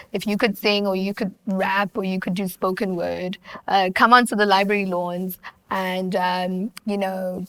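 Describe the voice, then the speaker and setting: Bright, crisp South African woman. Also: mid-range voice, dry recording. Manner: animated storytelling, laughs often. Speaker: guest, hip-hop artist. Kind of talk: conversational interview. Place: podcast studio.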